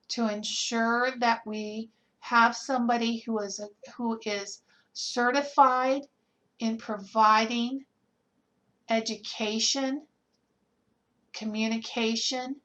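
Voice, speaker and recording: A woman teaches a nursing class in a recorded lecture. She speaks slowly and deliberately in a slightly high voice. She keeps it conversational, with rhetorical questions and a habitual "okay?" to check in with her students. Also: fairly bright tone, low-quality recording. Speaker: nursing instructor.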